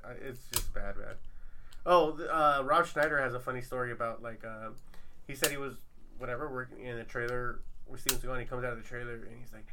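A man's voice: medium pitch, fast, background noise. A man hosting a podcast, telling a long rambling story in casual chat with lots of fillers. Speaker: podcast host.

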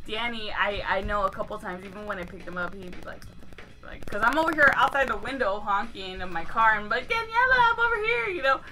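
Animated swearing woman telling a story. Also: mid-range voice, low-quality recording. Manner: animated, swearing, acts out quotes. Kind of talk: casual storytelling chat.

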